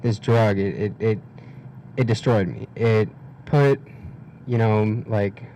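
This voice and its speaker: A teenage young man tells his story to a community gathering, his low, mellow voice halting, full of fillers and restarts. He sounds emotional, close to tears, with a faint hiss behind him. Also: dull audio. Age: teens. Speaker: guest speaker. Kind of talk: personal testimony at a community event.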